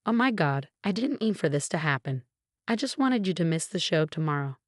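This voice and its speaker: A woman's voice: low voice, expressive, fairly quick, dry recording, clean studio sound. A woman voicing a scheming, cold mother-in-law in a narrated story, sweet-talking then defensive.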